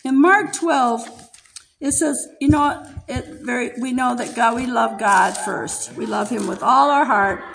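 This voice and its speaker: High-voiced older woman preaching heartfelt testimony. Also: a little slow, gravelly, fairly bright tone, slight background noise, rough recording. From United States. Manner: emotional, laughs often while speaking.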